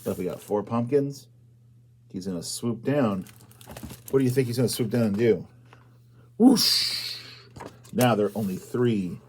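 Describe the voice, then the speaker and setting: A man reading a picture book aloud to young children at storytime, asking them questions and bursting into loud exclamations. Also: lowish voice, moderate pace, slight background noise.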